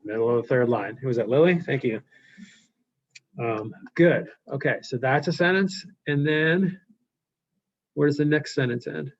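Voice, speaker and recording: A man's voice: mid-range voice, moderate pace, long pauses, no room sound. A male teacher giving a live online class lecture, explaining loosely with fillers and frequent check-ins. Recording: dull lo-fi sound.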